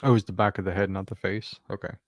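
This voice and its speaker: A man's voice: deep voice, fairly even intonation, racing, no room sound, studio quality. A man giving rambling casual commentary on a trial, with lots of fillers. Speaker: co-host.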